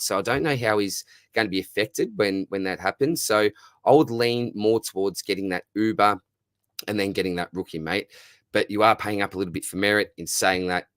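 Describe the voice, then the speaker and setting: A man's voice: on the low side, fairly bright tone, no room sound, studio quality. A man with an Australian accent hosting a live Q&A, chatting casually and calling everyone mate. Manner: matey, says "mate" constantly, reads out viewer questions. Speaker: livestream host answering fantasy football questions.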